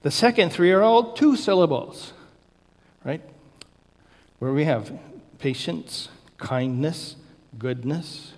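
A man preaching a sermon as pastor, slow and deliberate with emphatic stresses. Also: fairly high pitch, animated, a little mellow. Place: church sanctuary. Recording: church hall reverb.

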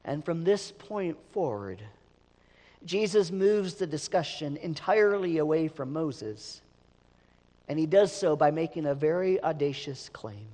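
A man preaches to his congregation with an emphatic, explanatory delivery. His voice sits a little high for a man and often repeats a word as he restarts a phrase. The sound carries a long, lingering reverb from a large church hall. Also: expressive, unhurried, dark tone. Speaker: pastor. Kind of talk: sermon.

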